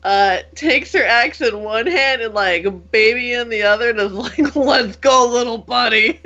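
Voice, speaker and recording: A woman player in a tabletop game who speaks in a relaxed, playful way. Her voice is bright and fairly high. The recording is slightly muffled. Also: unhurried. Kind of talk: casual tabletop play.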